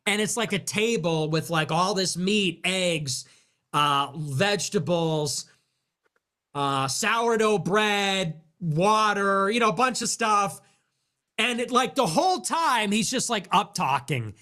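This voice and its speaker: A man hosting a podcast launches into a comedic rant, exasperated, sarcastic and full of profanity. His high-pitched voice has lively intonation and a sharp tone, though he speaks slowly.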